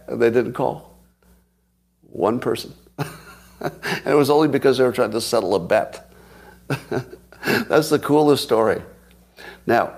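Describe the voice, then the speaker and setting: Telling stories and laughing with viewers, a sixty-something podcast host from the United States keeps his livestream casual. His voice is lowish and a little mellow.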